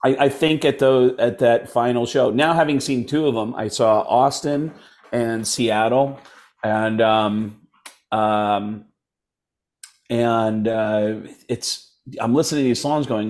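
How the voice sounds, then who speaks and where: Guy comic on a podcast, spinning funny stories, mid-pitch voice, jumps into little voices for quotes. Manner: lively anecdotes with quick voice switches for quoted people. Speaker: comedian guest. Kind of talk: animated storytelling chat.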